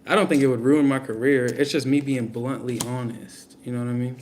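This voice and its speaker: A man's voice: medium pitch, fairly even intonation, a little fast, background noise. Blunt, slangy young man reading tarot. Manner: blunt, slangy, talks straight to viewers. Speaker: tarot reader. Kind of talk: casual live tarot reading.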